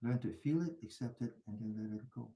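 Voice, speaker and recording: Older guy teaching meditation, chatty storyteller, keeps saying right?, mid pitch, kinda roomy echo. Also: fairly quick, warm tone. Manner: chatty storytelling with frequent laughs and rhetorical "right?". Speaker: mindfulness teacher.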